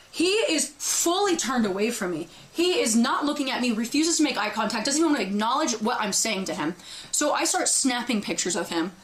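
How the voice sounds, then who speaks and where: Young female streamer, high-pitched, brash and profane, acts out her own yelling mid-story. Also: very animated, a little fast, a little hiss or hum. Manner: loud, profane, reenacts screaming. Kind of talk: animated storytelling to chat.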